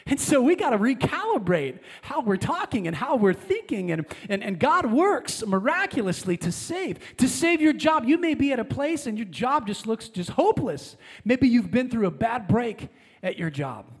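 Man, 30s, pastor, fervent sermon, high-pitched, long hall reverb. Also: very animated, moderate pace, slightly rough. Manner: fervent, builds from quiet to loud emphasis. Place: large church hall.

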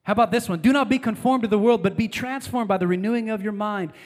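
Fervent high-voiced pastor in a hall. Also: male voice, quick pace. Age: 30s. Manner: fervent, builds from quiet to loud emphasis. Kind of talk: sermon. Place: large church hall. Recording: long hall reverb.

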